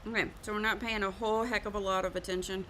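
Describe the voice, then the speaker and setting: A woman's voice: medium pitch, steady tone, quick pace, fairly bright tone, a little hiss or hum. Chatty woman who laughs at herself. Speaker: art stream host. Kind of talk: casual chat while drawing and teaching.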